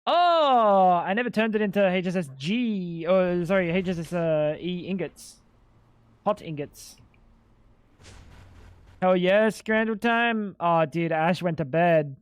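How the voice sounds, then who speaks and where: A man's voice: high-pitched, slow pace, smooth. A male livestreamer chatting to his viewers while he plays. He rambles and gets worked up, swearing freely as he goes. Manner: excitable, swearing, rambling talk to chat. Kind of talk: casual gaming stream chatter.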